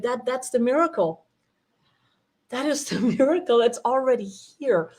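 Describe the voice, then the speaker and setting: A woman's voice: a little high, normal speed, breathy edge. A woman sharing an emotional personal testimony, laughing often and acting out the dialogue she recalls. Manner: animated, laughing often, acts out quoted dialogue. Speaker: retreat participant sharing her experience.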